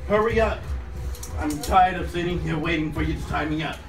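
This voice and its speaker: A woman voicing a chaotic, reckless aunt babysitting kids, rambling erratically with dark jokes, in a comedy sketch. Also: low voice, brisk, over music. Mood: panicked. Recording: echoey room, far from mic, loud noise.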